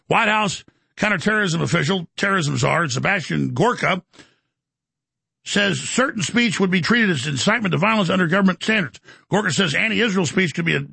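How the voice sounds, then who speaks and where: Gravelly fast-talking male talk host. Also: high voice, bright, forceful tone, no room sound. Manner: bombastic, rapid-fire delivery. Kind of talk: fast-paced talk radio monologue.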